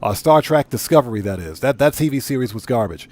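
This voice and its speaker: A man's voice: mid-range voice, animated, quick pace, darkish tone. Rambling middle-aged male game streamer. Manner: rambling, self-correcting, reads chat aloud. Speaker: livestream host. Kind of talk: casual livestream chat while gaming.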